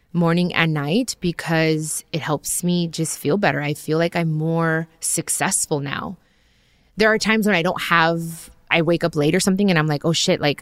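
A woman's voice: lowish voice, no room sound, clean studio sound. A woman, hosting a podcast and talking casually and candidly about prayer and meditation, full of "like" and little asides. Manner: candid, chatty, peppered with "like". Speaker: podcast host. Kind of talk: casual spiritual talk.

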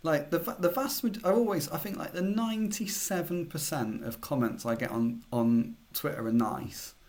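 A man's voice: fairly high pitch, normal speed, darkish tone. A man co-hosting a football podcast as a journalist, chatty and hesitant, with many restarts and fillers. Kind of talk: casual podcast chat.

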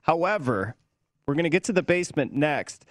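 Slightly high-voiced male co-host, dry sound. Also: lively intonation, no echo. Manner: brisk, tosses lines and questions to his partner. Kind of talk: sports betting talk show chat.

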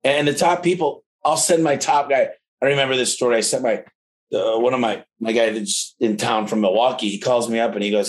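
A man who owns a garage door company, talking casually and eagerly in an interview, telling stories with lots of asides. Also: medium pitch. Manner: enthusiastic storyteller, quick asides.

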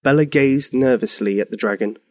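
A man narrating a bedtime story for young children, expressive and animated. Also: mid-range voice, a little fast.

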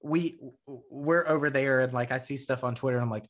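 Excitable, profane male podcast host. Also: medium pitch, a little fast, few pauses. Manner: rambling, profane, excitable storytelling. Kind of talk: casual chat.

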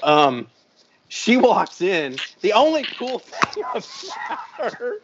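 A man co-hosting a podcast, telling a story in a casual, animated and profane way. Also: high voice, slow pace, background noise. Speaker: podcast co-host. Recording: dull lo-fi sound.

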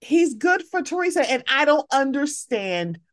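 Brief: woman podcast guest, blunt and emphatic, slightly high voice. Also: very animated, moderate pace, fairly bright tone. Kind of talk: casual chat.

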